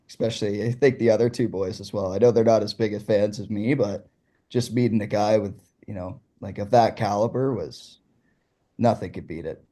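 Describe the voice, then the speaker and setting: Mellow low-voiced young man. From Ontario, Canada. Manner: animated, excitable. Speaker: guest. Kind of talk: casual storytelling.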